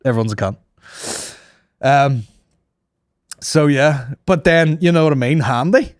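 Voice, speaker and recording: A man's voice: medium pitch, unhurried, pauses often, dry recording, studio quality. A young man hosting a comedy podcast, telling crude, rambling stories and mocking people in put-on voices. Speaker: podcast host.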